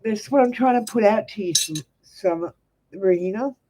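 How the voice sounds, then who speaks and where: A woman's voice: mid-range voice, normal speed, dark tone, low-quality recording. A young Australian woman reading tarot live for viewers, giving blunt, direct advice. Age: young adult. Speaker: tarot reader.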